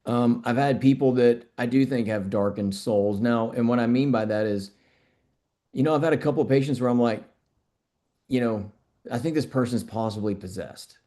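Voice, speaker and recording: Being interviewed conversationally, this middle-aged functional medicine doctor speaks at a normal speed in a warm, mid-range voice. He comes across as earnest and tends to repeat words while working through his thoughts.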